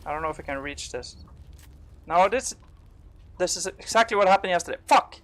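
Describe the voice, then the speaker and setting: A man's voice: sits high, animated, brisk, a bit bright. A man giving live commentary while he plays a game, rambling and full of fillers, swearing when startled. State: panicked, out of breath. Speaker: game streamer.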